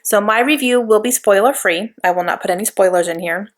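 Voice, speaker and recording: A woman vlogging about a new book at home, gushing and bubbling over with excitement. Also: medium pitch, brisk. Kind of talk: excited casual vlog. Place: home couch.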